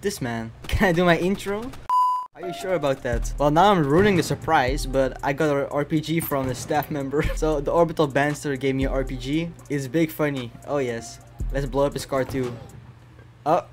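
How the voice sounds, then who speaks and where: A young man with a slightly high voice gives loose, excitable gameplay commentary. He jokes and laughs his way through trolling other players, with faint music playing underneath. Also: normal speed. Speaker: gaming YouTuber. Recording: voice over faint background music.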